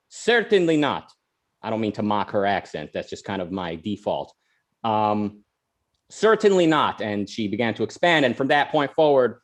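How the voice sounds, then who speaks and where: A man hosting a podcast, talking in a chatty, rambling way full of restarts and side tangents. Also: on the low side. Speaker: podcast host. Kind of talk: casual podcast chat.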